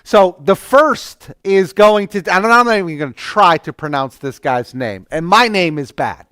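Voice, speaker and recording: High-voiced man teaching a slow church class. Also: animated, bright, forceful tone, clear, resonant tone, no room sound, studio quality. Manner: conversational, with stammered restarts. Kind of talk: adult church class lecture.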